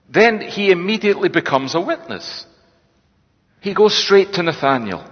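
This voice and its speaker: A man delivers a sermon in a thoughtful, conversational manner and lowers his voice for quoted words. His tone is slightly husky, and the sound carries a long reverb of a large hall. The recording itself is dull and lo-fi. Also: animated, moderate pace. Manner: reflective, conversational preaching with quoted lines. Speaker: preacher.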